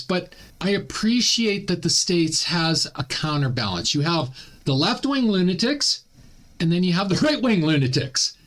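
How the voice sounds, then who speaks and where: A man's voice: high-pitched, a bit bright. A Canadian man hosting a casual opinion commentary, blunt and ranting. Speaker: commentary channel host.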